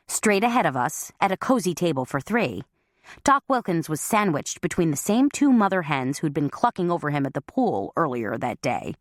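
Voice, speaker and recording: A woman's voice: sits low, sing-song, moderate pace, no echo, studio quality. A woman reading a humorous cozy mystery audiobook in a wry, conversational first-person voice. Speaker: audiobook narrator.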